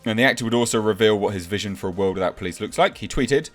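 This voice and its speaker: A deep-voiced man delivers a sarcastic, exasperated rant as a commentator, mocking and scoffing as he goes. Faint music sits quietly behind his voice. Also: very fast. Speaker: YouTube film commentator. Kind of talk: ranting commentary.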